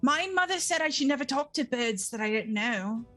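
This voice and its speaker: A playful woman player talks in character during a tabletop game. Her voice is high with lively swings. Faint music sits behind her. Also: moderate pace. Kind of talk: casual in-character game chat.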